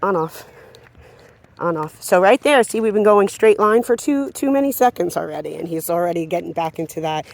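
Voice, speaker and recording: A woman's voice: fairly low pitch, animated, normal speed, vocal fry, darkish tone. A woman dog trainer explaining leash work outdoors in a casual, chatty way. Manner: casual, explanatory, talking to a dog between points. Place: outdoors on a walk.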